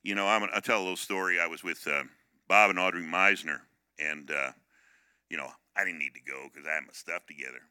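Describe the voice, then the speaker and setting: A middle-aged male pastor giving a sermon, telling a personal story in an animated way and acting out the people in it. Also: low voice, brisk, clear, resonant tone, dry recording, studio quality. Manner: animated, acts out the story in many voices.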